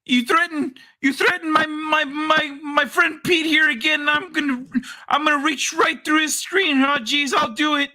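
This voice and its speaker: A man mimicking a blustering online tough guy who shouts threats and keeps saying "oh jeez". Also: very high-pitched, fairly even intonation, normal speed, voice pushed up, exaggerated voice. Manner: shouting, huffy, repeats "oh jeez".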